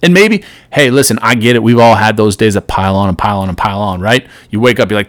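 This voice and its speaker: A middle-aged man hosting a solo podcast, giving an earnest motivational talk that swings between loud and soft. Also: on the low side, fast talker, no echo. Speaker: podcast host.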